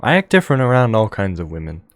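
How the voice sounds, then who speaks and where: Young male podcast host, low monotone delivery, rambling and full of fillers, dry close-mic sound. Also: quick pace, no room sound. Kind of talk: solo podcast monologue.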